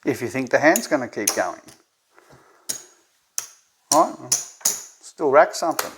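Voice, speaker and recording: A man's voice: mid-range voice, lively intonation, takes it slowly, a bit bright, a little hiss or hum. A man with an Australian accent, hosting a tabletop game tutorial and thinking aloud, often checking in with "right?". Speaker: gambling strategy presenter.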